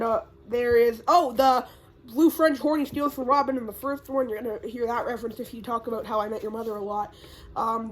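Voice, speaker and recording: A young woman YouTuber, her voice a little high, gives an unscripted recap full of rambling, profanity, and filler sounds like um and uh, much as a relaxed vlogger addresses the camera. A little hiss or hum sits under the recording.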